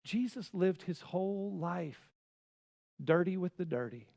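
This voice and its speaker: Male pastor mid-sermon, a touch high-pitched, swings from emphatic to hushed, reverberant church sound. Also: expressive, unhurried. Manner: dramatic swings from loud emphasis to hushed asides. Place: church sanctuary.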